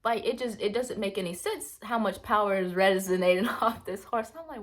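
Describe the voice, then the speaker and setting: A woman vlogger casually telling a rambling personal story, acting out her own reactions in hushed asides. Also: a little high, a little fast, hardly any pauses. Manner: animated, rambling, quotes herself in hushed asides.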